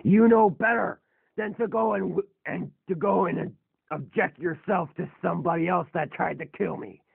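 A man's voice: sits high, steady tone, normal speed, vocal fry, slightly rough, no room sound, exaggerated voice. A man voicing a giant, ancient male robot god in a fan robot drama, sounding bewildered and grumpy. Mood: irritable. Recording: tinny lo-fi phone-like recording.

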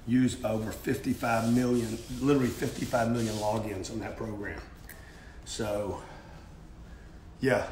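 A man's voice: medium pitch, slight background noise. Brash, profane middle-aged man. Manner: brash, profane, repeats and yells for emphasis. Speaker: motivational speaker. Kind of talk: livestream motivational talk.

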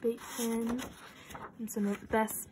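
A young adult woman vlogger chatting casually and excitedly through an unboxing, nervous and swearing freely. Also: fairly high pitch, slow pace, noisy background.

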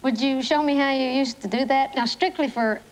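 A woman from Tennessee hosts a television comedy sketch, teasing her guest with quick, playful quips. Her voice sits high, with a steady hiss and clicks from an old TV recording. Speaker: host. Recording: hissy, clicky old TV broadcast.

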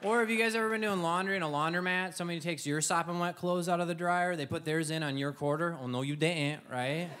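A man's voice: high-pitched, quick pace, hardly any pauses, a bit bright. A man performing a stand-up comedy set, playful and sarcastic, slipping into voices for his bits. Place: comedy club stage. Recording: live stage mic, crowd laughter and room noise.

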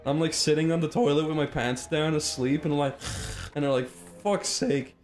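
A man's voice: fairly high pitch, fairly even intonation, brisk, faint music behind. A young Irish man with an Irish accent, telling a rambling story and laughing through it as he co-hosts a game stream. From Ireland. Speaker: co-host. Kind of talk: casual storytelling over gameplay.

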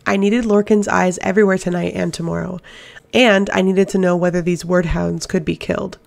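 A woman voicing a fierce, sharp-tongued young woman who is an assassin queen, in an audiobook reading. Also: fairly low pitch, steady tone, a little fast, gravelly. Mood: mocking.

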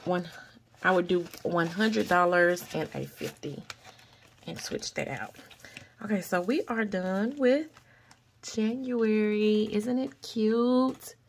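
A woman's voice: medium pitch, takes it slowly, gravelly, long pauses. A woman chatting casually to viewers in a budgeting vlog while counting cash aloud and calling them y'all. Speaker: budgeting vlogger.

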